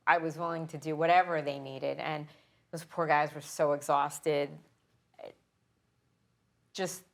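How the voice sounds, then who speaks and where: Low gravelly-voiced woman firefighter. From New York. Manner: earnest, emotional, halting. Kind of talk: interview, personal recollection.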